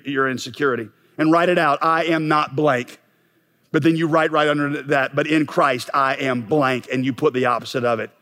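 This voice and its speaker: A man's voice: fairly high pitch, fairly bright tone. A middle-aged man preaching a sermon as pastor, impassioned and building to emphatic peaks.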